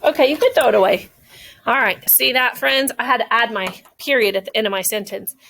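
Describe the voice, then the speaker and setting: A young woman teaching a classroom phonics lesson, slowly modeling sentences and praising the children. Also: a little high, vocal fry, fairly bright tone, a little hiss or hum. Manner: slow, drawn-out modeling of sentences, encouraging.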